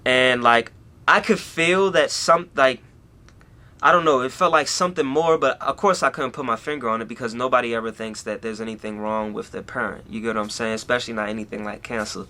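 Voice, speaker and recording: A man's voice: medium pitch, brisk, pushed and bright. A young man talking through a personal story on his vlog, rambling along with plenty of "you know" and "like" in a casual way. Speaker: YouTuber.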